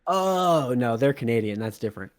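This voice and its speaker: A young man co-hosting a music podcast, playful and excitable, laughing often in casual chat. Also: mid-range voice, moderate pace. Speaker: podcast co-host.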